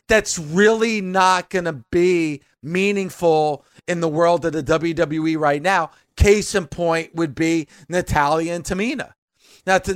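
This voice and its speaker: A man's voice: high voice, a bit bright, smooth, no echo, studio quality. A man co-hosting a casual wrestling talk show, chatting and explaining his views as a fan. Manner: chatty, explains his view from a fan's angle. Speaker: podcast co-host.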